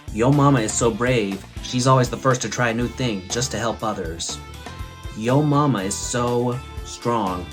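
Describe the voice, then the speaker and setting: Male comedy host, mid-pitched, playful and theatrical, corny one-liners over faint music. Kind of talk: comedic joke-telling monologue.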